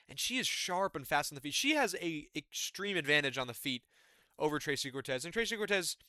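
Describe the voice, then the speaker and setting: A young man casually breaking down fight predictions in an excitable, chatty way, peppered with "man" and "dude". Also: on the high side, dry recording, studio quality.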